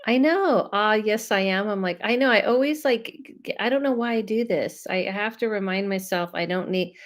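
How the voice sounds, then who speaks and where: A woman from Los Angeles, a medium and host of her own live stream, chatting loudly and casually with viewers and reading out their comments. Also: medium pitch, moderate pace. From Los Angeles, USA. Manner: loud, chatty, trails off and restarts, laughs often.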